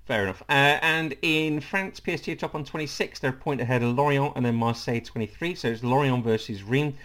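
A man's voice: medium pitch, a bit bright. Wry man running down football fixtures. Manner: brisk and wry, dry jokes between fixtures. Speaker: podcast host. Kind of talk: casual football news rundown.

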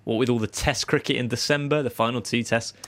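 A man's voice: medium pitch, steady tone, fast, a bit bright. Dry, teasing male podcast host. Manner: dry, teasing, laughs often. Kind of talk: casual podcast chat.

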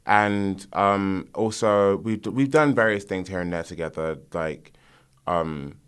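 A man with a British accent, a songwriter guest in a casual chat, relaxed, with many fillers and trailing sentences. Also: low voice, unhurried, smooth.

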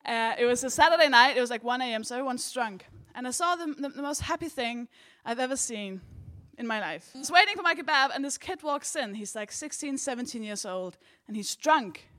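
A woman with a high, bright voice tells a stand-up story with lively energy, laughing through her punchlines. She is a co-host on a live comedy stage. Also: brisk. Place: live comedy venue with audience.

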